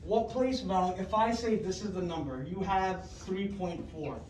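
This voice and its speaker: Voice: mid-range voice, moderate pace, darkish tone, distant mic, slight background noise. Teacher in a roomy classroom, heard from afar. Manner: patient, repeats questions and checks with "right?"; calls on pupils by name and praises answers. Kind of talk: fifth-grade math lesson.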